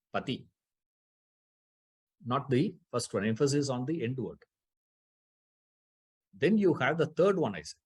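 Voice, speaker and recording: A man's voice: medium pitch, slightly rough. A man teaching a scripture class, explaining Sanskrit grammar, repeating key terms and putting rhetorical questions to his listeners.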